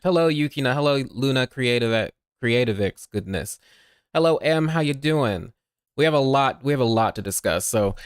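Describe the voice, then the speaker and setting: A man's voice: mid-range voice, clean tone, dry recording. Chatty man streaming a game, dry sound. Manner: chatty, greets viewers by name, laughs often. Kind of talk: casual livestream chat.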